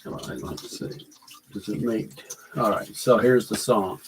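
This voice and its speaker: A man's voice: lowish voice, moderate pace, gravelly, a little hiss or hum, rough recording. A man working through rhyming lyrics aloud, trying lines over and over and then reciting the verse. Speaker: rapper writing lyrics.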